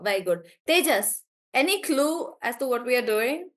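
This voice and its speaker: A woman teaching a live online English class, warmly praising students and slowly drawing out words as she models how they sound. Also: a little high, very animated. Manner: encouraging, drawn-out words when modelling pronunciation.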